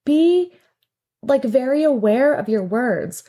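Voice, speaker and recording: A woman's voice: mid-range voice, expressive, moderate pace, warm tone. A middle-aged woman hosting a casual talk show, telling stories in a chatty, rambling way and laughing often. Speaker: podcast host and salon owner. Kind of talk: casual storytelling monologue.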